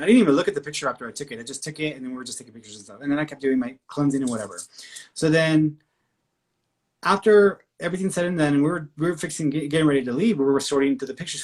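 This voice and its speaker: A man with a husky, slightly breathy voice hosts a live stream and chats through a personal story. He talks casually, with lots of "like" and restarts. When he quotes other people he jumps into a noticeably higher voice. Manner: animated storyteller who acts out quoted speech in a higher voice; chatty, full of "like" and restarts. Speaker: psychic medium, live-stream host.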